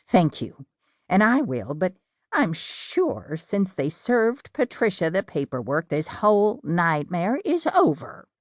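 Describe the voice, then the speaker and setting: A woman's voice: on the low side, sing-song, slow, no room sound, clean studio sound. A woman voicing a friendly, chatty middle-aged innkeeper in an audiobook. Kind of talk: audiobook character dialogue.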